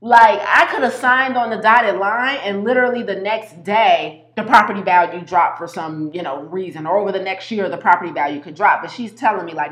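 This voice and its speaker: A woman giving a casual motivational talk, animated and full of slang, repeating herself and restarting sentences. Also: mid-range voice, a little fast, hardly any pauses, echoey room. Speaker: health coach.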